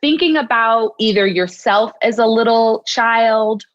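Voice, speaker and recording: A woman's voice: fairly high pitch, unhurried. A woman clinical psychologist, a guest in an interview, explaining ideas reflectively and acting out bits of inner self-talk, often checking in with "right?". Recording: dull lo-fi audio.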